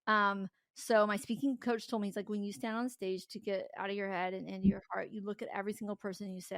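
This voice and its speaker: Gravelly-voiced woman, candid and animated. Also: medium pitch, fast talker, few pauses, no room sound. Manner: candid and animated, laughs often. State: tearful. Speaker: podcast guest, company founder. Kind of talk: casual conversational interview.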